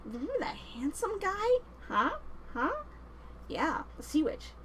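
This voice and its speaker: A woman's voice: sits high, big pitch swings, slow, a bit bright, a little hiss or hum, full character voice. A woman voicing sneaky eel henchmen who wheedle and insist. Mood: tempting.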